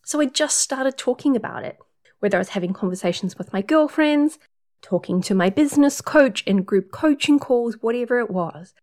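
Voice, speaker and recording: A woman's voice: on the high side, lively intonation, moderate pace, a little mellow. A woman working as a period coach, talking through numbered tips in an upbeat, casual advice monologue.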